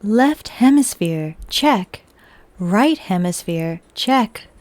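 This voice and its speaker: A woman doing a slow flat robot announcer. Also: mid-range voice, dry recording. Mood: robotic. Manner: monotone, measured machine announcements. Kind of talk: livestream chat bit.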